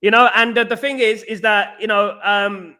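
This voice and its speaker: A man's voice: high-pitched, fairly even intonation, moderate pace, bright, forceful tone, smooth. A middle-aged man hosting a casual live stream, reading viewer comments and answering them bluntly, often repeating himself. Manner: blunt, outspoken, repeats his phrases.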